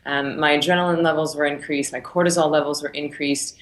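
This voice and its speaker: Guest: thirties woman, low voice, animated storyteller, recorded in echoey room. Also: brisk. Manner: animated storyteller, laughs between phrases. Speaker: guest, meditation teacher. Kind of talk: casual interview storytelling. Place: her studio.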